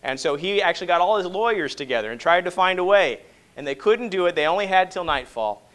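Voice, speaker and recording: A man preaching a sermon to a congregation, moving between hushed, slow passages and loud, emphatic ones and often asking rhetorical questions. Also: high-pitched, animated. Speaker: pastor.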